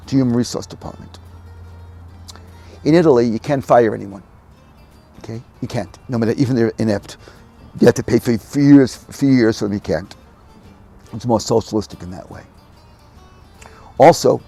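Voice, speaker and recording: An older man speaking as a podcast guest, telling stories animatedly, dropping to soft murmurs and rising to loud emphatic bursts. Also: medium pitch, gravelly, breathy edge. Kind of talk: conversational storytelling.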